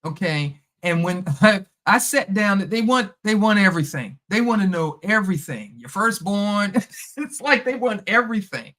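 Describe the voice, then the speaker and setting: A middle-aged woman talks through a personal story in a relaxed, chatty monologue. She is animated and keeps slipping into the voices of the people in her story. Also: medium pitch, normal speed. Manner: animated, acts out past conversations. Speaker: podcast host.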